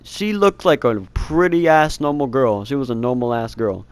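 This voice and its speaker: Young man, rambling storytime, smooth voice, dry close recording. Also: mid-range voice, expressive, normal speed, no echo. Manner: rambling, laughs often, mild swearing. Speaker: vlogger. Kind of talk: casual storytime.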